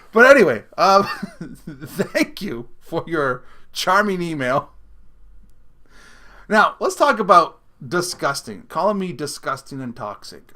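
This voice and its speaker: A man's voice: fairly high pitch, pushed and bright. A middle-aged man hosting a comedic solo podcast rant, sarcastic and mocking, breaking into laughter often. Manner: laughs often between sentences. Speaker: podcast host.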